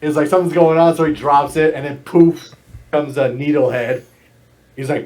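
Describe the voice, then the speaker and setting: A man with a somewhat high voice in a relaxed podcast chat. He explains things haltingly, restarting sentences and leaning on filler words as he goes. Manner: hesitant, many fillers and restarts while explaining. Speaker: podcast co-host. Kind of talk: casual chat.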